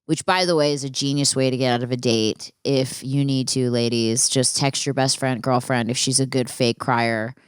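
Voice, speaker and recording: A woman's voice: very deep voice, steady tone, normal speed, few pauses, clean tone, no room sound, studio quality. A woman hosting a casual storytelling podcast, chatty and profane, talking to listeners with friendly asides. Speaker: podcast host.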